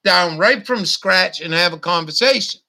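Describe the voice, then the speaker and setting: This livestream host is a middle-aged man whose voice sits high and sounds bright and forceful at a normal pace. Chatting casually, he goes on blunt, profanity-filled rants that keep circling back on themselves.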